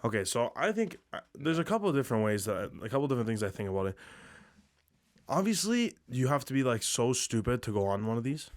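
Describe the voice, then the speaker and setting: A man's voice: mid-range voice, sing-song, quick pace. A young man with a stuffy, nasal voice from a cold, co-hosting a casual podcast and rambling with lots of filler words and restarts. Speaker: podcast co-host.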